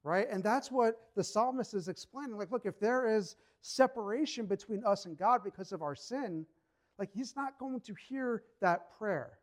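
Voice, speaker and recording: A man's voice: high-pitched, moderate pace. A man preaching a sermon in a conversational, emphatic way, acting out short quotes as he goes. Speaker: pastor.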